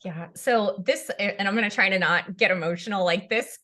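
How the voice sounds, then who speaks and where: A woman pastor speaking in an earnest, emotional, reassuring way, with pauses and fillers. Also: mid-range voice, bright, forceful tone. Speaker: pastor and mental health advocate. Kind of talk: heartfelt discussion.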